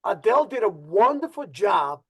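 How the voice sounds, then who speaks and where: A man with a Spanish-speaking accent hosts an online presentation over a video call. He talks in an animated, hype-building way and repeats his catchphrases. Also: sits high, moderate pace, gravelly, breathy edge. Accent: Spanish-speaking accent in English. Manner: animated, hypey, repeats phrases. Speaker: co-host presenter. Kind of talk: casual webinar presentation.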